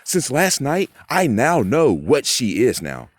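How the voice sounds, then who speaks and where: Man, vlogger, rambling profane monologue, lively pitch, dry close sound. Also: slow, no echo. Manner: agitated, profane, rambling with many fillers.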